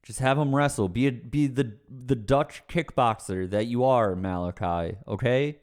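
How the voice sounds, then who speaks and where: A man's voice: medium pitch, a little slow, darkish tone. A man on a livestream chatting casually with viewers, ranting, swearing and then apologizing with a laugh. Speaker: streamer answering chat questions.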